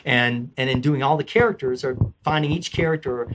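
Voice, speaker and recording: A man with a Southern accent, a voice actor chatting as a guest in an animated, rambling way. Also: medium pitch, a little fast, background noise. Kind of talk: casual interview chat.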